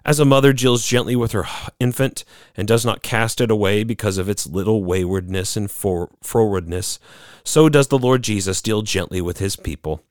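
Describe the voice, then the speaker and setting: Earnest low-voiced male preacher, dry sound. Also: normal speed, smooth, dry recording. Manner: earnest, lively delivery with dramatic quoted voices. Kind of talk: sermon.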